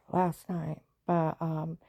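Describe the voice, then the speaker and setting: A woman's voice: low voice, vocal fry, mellow. A woman telling her own story in a rambling personal account, agitated and jumping between events while quoting others.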